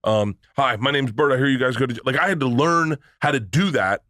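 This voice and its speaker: Animated middle-aged man telling stories. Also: medium pitch, a little fast, no echo, clean studio sound. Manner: animated storyteller who acts out quoted voices, swears freely. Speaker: podcast guest. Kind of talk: casual storytelling chat.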